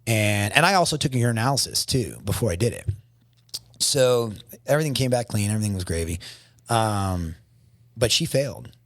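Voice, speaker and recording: Shaken guy on a podcast, low voice, keeps restarting sentences, dry sound. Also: lively intonation, no room sound. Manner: halting, with many restarts. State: shaken, emotional. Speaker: podcast guest. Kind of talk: emotional storytelling in a podcast interview.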